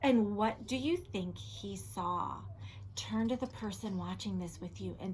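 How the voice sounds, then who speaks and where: A woman teacher reading a children's storybook aloud, animated, asking the children questions and sometimes dropping to a whisper. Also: mid-range voice, a little slow, a little hiss or hum.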